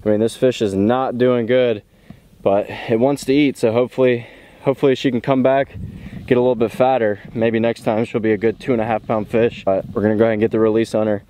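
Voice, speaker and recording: A man's voice: mid-range voice, flat delivery, fairly quick, dark tone. A young man filming himself fishing outdoors on a pond bank, talking casually and laughing easily. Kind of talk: casual fishing vlog commentary.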